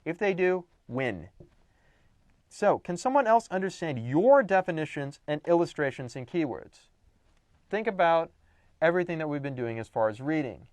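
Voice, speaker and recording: A fairly high-voiced man gives a writing lesson, his pitch swinging widely as he stresses points and throws in jokey asides. The sound is close and dry, with no room echo. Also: moderate pace. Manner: animated, emphatic, playful asides. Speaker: writing teacher. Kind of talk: recorded lecture.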